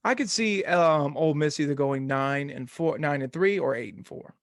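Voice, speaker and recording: Gravelly man joking about sports. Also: fairly high pitch, moderate pace. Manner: joking, mocking impressions. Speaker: podcast co-host. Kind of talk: casual sports chat.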